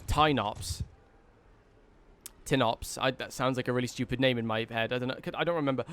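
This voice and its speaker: A man giving casual let's-play commentary as he plays, rambling with lots of fillers and breaking into excitement. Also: medium pitch, fairly quick, a little hiss or hum. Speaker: gaming video host.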